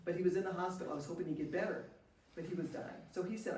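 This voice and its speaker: A woman's voice: lowish voice, quick pace, warm tone. An older woman speaking at a seminar, sharing personal stories in an earnest way with frequent restarts. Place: seminar room. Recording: echoey room, distant mic.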